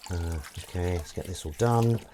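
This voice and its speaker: A man's voice: deep voice, normal speed, dark tone, a little hiss or hum. A man chatting casually on a live stream while washing up, rambling, joking and swearing freely.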